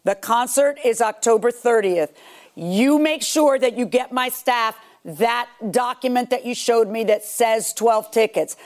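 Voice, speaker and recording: A woman's voice: a little high, measured pace, darkish tone. A woman judge questioning the parties bluntly and demanding proof. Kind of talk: courtroom ruling.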